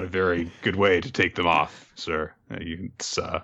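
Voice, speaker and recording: A man recapping a manga chapter in casual chat, animated and laughing, often jumping into high voices for the characters. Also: normal speed, hardly any pauses, slight background noise. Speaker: podcast co-host.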